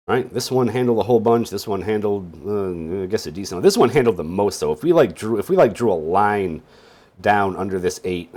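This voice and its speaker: Low husky sleepy man explaining casually. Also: a little mellow. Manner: rambling, with wry joking asides. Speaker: database instructor. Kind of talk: casual screen-share tutorial.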